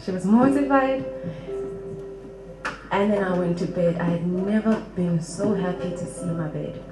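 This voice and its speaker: Slow, expressive woman storyteller. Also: on the low side, reverberant, music in the background, low-quality recording. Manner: humorous, expressive, laughs often. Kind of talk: live storytelling to an audience.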